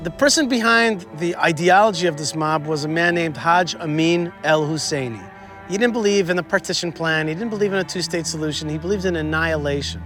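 High-voiced man guiding a history tour. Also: a little fast, soft background music. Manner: animated, quizzes his listeners. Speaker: tour guide. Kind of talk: history lesson told on a tour. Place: outdoors at a historic site.

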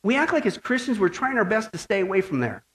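A male pastor giving a lively, joking sermon with emphatic delivery. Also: high-pitched, fast.

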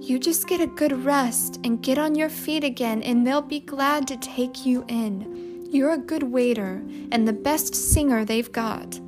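A woman reading a story aloud, voicing a gentle wife and mother who coaxes softly, with music behind. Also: high-pitched, a little slow, voice pushed up. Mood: soothing. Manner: soothing, coaxing.

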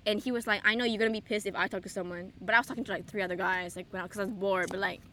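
A young woman chatting casually with a friend, telling stories in an animated, giggly way. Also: mid-range voice, very fast, a little hiss or hum. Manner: giggly, animated storytelling, frequent laughter. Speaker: friend answering questions. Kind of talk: casual chat.

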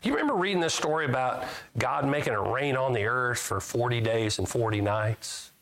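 A man's voice: medium pitch, lively intonation, normal speed, fairly bright tone. A male preacher giving a sermon in a folksy way, reading scripture aloud and asking his listeners questions. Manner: folksy, asks the congregation questions; reads scripture aloud with rising emphasis.

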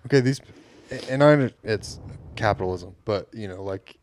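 Low-voiced man chatting casually. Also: normal speed, darkish tone, a little hiss or hum. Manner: rambling, lots of fillers. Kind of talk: casual group chat.

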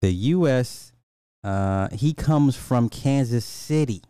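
A man's voice: mid-range voice, animated, takes it slowly, mellow, smooth, no room sound, studio quality. An American man giving a ranting reaction commentary, incredulous and mocking, repeating his points. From United States. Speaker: commentary host.

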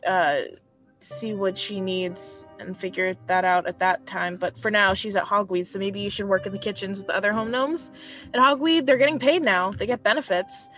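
A woman voicing a kindly grown man who speaks in a soft, gently explaining way. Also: medium pitch, fairly even intonation, moderate pace, faint music behind, voice pushed down, lightly acted. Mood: persuasive.

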